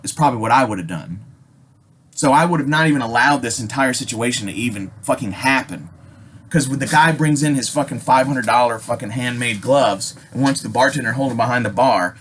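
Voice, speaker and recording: A man telling a story in a loose, profane, animated way with big swings in his voice. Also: medium pitch, fairly quick. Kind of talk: casual spoken storytelling.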